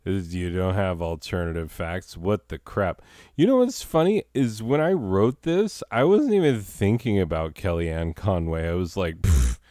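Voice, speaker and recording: A man with a deep, smooth voice hosts a comedy show, drifting through a self-deprecating story at an unhurried pace. His delivery is full of digressions and chuckling asides. The recording is dry and close. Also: warm tone, dry recording. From Arizona.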